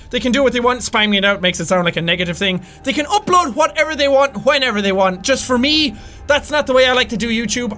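A man giving let's play commentary as a gaming YouTuber, chatty and rambling, excitable and swearing loudly when scared. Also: high voice.

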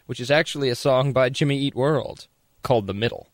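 Chatty young college radio DJ, dry mic. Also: male voice, medium pitch, lively intonation, moderate pace, pauses often, fairly bright tone, no room sound. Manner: rambling, chatty, self-amused. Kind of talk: casual radio chat between songs. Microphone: studio microphone.

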